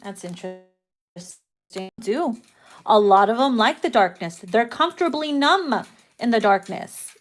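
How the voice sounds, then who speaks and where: A woman doing a casual tarot reading, brash and profane, laughing often as she talks. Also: a little high. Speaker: tarot reader.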